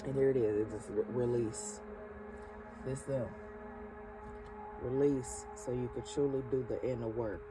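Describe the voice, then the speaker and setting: A woman's voice: very deep voice, fairly even intonation, a little slow, pauses often, poor audio. A woman hosting a spiritual energy reading with spoken affirmations, drawing out her words, calling the listener baby, and breaking into chuckles. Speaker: spiritual reader and channel host. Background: music playing.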